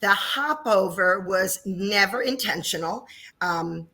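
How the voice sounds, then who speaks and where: A New Jersey woman in her fifties who owns a dance studio chats in a casual interview, telling stories and laughing often. Her medium-pitched voice is animated and slow, with crowd noise behind her.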